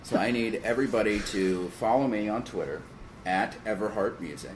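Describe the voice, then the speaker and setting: A man teasing his friends in a casual podcast chat, with dry, deadpan jokes. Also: lowish voice, moderate pace, echoey room, noisy background. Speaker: podcast guest.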